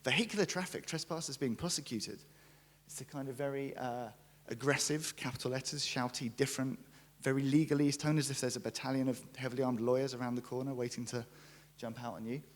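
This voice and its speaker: A young man giving a conference talk, jokey and lively, acting out quotes as he tells stories. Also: mid-range voice, quick pace. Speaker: conference speaker, brand writer. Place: conference stage.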